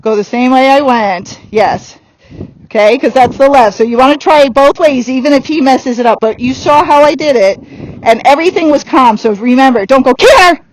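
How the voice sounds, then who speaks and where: A woman's voice: high-pitched, normal speed, a little mellow, slight background noise, low-quality recording. A woman horse trainer giving a riding lesson outdoors, coaching directly and laughing now and then.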